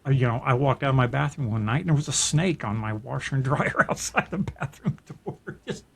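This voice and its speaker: A man's voice: medium pitch, a little fast, gravelly, husky. A middle-aged man, co-host of a podcast, telling a personal story in a casual, earnest, reflective way, often restarting his sentences. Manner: earnest, reflective, with frequent restarts and soft laughs.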